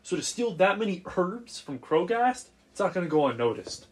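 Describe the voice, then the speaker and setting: A man narrating as game master of a tabletop role-playing game in a casual, animated way. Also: high voice, moderate pace, slightly rough. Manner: casual, animated scene-setting.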